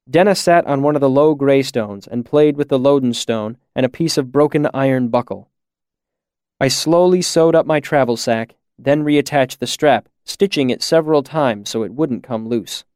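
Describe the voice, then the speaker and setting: A man narrating a novel as an audiobook, with measured and even storytelling. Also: medium pitch, smooth, dry recording, clean studio sound. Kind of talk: scripted narration.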